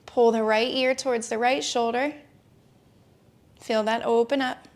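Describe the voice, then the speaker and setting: A young adult woman teaching a gentle yoga class, giving calm, encouraging step-by-step cues. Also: fairly high pitch, unhurried. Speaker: yoga instructor.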